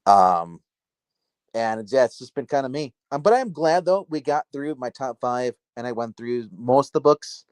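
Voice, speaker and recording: A man's voice: mid-range voice, animated, moderate pace, a little mellow, smooth, no echo. Rambling man on a dry home mic. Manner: rambling, self-interrupting, filler-heavy. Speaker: comic book livestream host. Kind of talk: casual livestream chat. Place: dark room at home. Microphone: phone.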